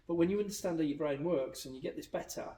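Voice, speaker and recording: Brief: quick, animated male coach guest with a mellow tone, heard from a little way off the mic. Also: fairly high pitch. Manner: animated, explains with examples and anecdotes. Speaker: hypnotherapist and life coach guest. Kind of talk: casual podcast conversation. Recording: roomy echo, distant mic, faint ambience.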